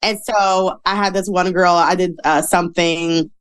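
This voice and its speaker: A woman's voice: fairly low pitch, steady tone, a little slow, clear, resonant tone. A woman in her thirties, a guest telling her story in a candid, chatty, self-deprecating way that is full of fillers and laughs. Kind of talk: casual interview storytelling.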